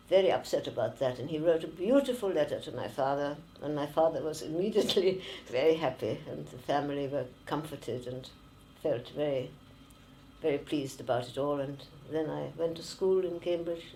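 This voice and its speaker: A woman in her nineties with a German accent, giving oral history testimony slowly and haltingly, with many pauses and fillers. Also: deep voice, darkish tone, slight background noise, rough recording. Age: 90s. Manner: slow and halting, with frequent fillers. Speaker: interviewee, former refugee.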